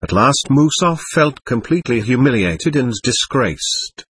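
A man reading a classic novel aloud as narrator, in an expressive storytelling manner. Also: medium pitch, unhurried, breathy edge. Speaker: audiobook reader. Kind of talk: scripted narration.

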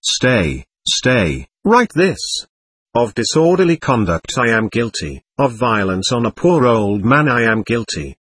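Guy reading a jittery tipsy man being questioned, pleading and repeating himself, husky voice. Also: mid-range voice, sing-song, a little slow, fairly bright tone, no echo, heavily acted. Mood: insistent. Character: excitable, effusive man under interrogation, slightly drunk. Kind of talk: audiobook reading.

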